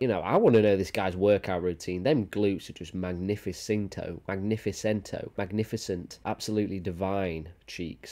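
A man's voice: fairly low pitch, a little mellow. A young man giving a crude, rambling, sarcastic comedy reaction commentary. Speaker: YouTuber.

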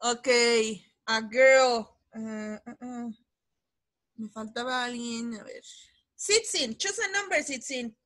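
Bright, high-voiced teacher running a class quiz over a video call, encouraging and brisk. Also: female voice. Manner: encouraging, calls on pupils by name. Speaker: English teacher. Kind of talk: online class quiz game.

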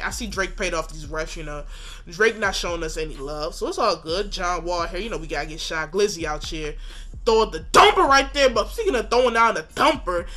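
Animated man calling a basketball game. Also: sits high. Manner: animated, hypes plays, jokes and trash-talks. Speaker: gaming commentator. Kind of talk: excited play-by-play game commentary.

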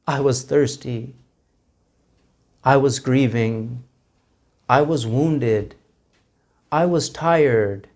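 A man's voice: mid-range voice, extremely slow, long pauses, darkish tone, pitched below the performer's own voice. A man voicing Imam Hussein, a weary wounded warrior. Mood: sorrowful. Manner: grieving, pleading appeals.

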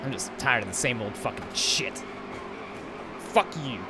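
Over loud music, a mid-range, expressive male voice speaks a little slowly. He is a gaming channel host commentating live on a racing game, ranting in frustration and swearing, with race car engine noise from the game behind him.

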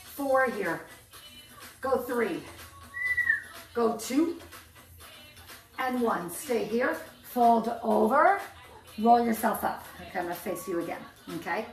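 A woman's voice: a little high, animated, slow pace, pauses often, recorded from a distance. A woman fitness instructor leading a band workout, counting down reps with upbeat cues and chatty asides. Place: indoor room, filmed alone. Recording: echoey room, off-mic, faint music.

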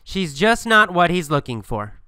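A man's voice: high voice, measured pace, clean tone, no room sound, clean studio sound. A man teaching English through a funny mini story, asking and answering simple questions with strong emphasis. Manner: animated, repetitive, emphatic questioning.

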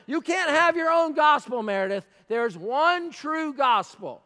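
Male pastor, very high voice, emphatic sermon full of repeated lines, long church hall echo. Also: big pitch swings, a little slow, hardly any pauses. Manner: emphatic preaching, repeating phrases, swings from shouts to quiet asides. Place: church sanctuary.

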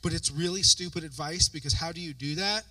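A man preaching a sermon as pastor, telling stories with lively acted-out voices. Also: fairly high pitch, brisk, no room sound, recorded from a distance, low-quality recording. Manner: animated storytelling with acted-out voices. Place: church sanctuary.

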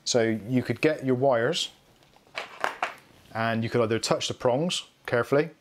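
A man's voice: mid-range voice, a little slow, noisy background. Chatty man on a live stream. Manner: chatty, rambling, self-mocking humour. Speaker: tech channel host. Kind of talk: casual live unboxing chat.

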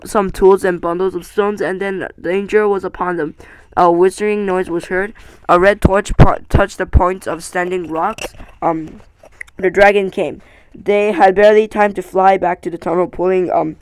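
High-voiced guy reading a book aloud, keeps stumbling and restarting, dry close sound. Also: smooth, no room sound, rough recording. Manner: halting, stumbling, many restarts. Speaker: amateur audiobook reader.

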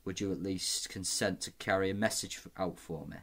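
A man's voice: deep voice, fairly quick, fairly bright tone. A man reading aloud as a weary, imprisoned noble lord, tired and strained.

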